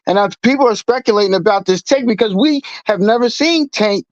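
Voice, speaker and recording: A man debating on a call, calmly pushing back and arguing that everyone is only speculating. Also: high-pitched, no room sound. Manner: measured, pushes back calmly. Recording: dull call audio.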